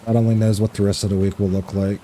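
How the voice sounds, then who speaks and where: Man, game streamer, casual chatter, mellow warm voice, swears freely, laughs easily. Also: fairly low pitch, little pitch movement, fast, slight background noise. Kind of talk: casual live-stream chat, reading chat aloud.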